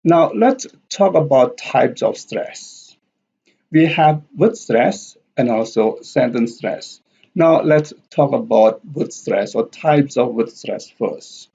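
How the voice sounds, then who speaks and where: Slow, husky-voiced man teaching. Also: mid-range voice, animated, mellow. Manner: slow, deliberate, repeating examples. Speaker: language teacher. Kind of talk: slide-based lecture. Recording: dull lo-fi audio.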